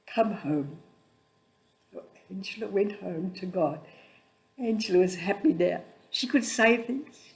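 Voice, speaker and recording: A woman who is a religious sister tells a story to children, gently and slowly, with dramatic pauses. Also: fairly low pitch, low-quality recording.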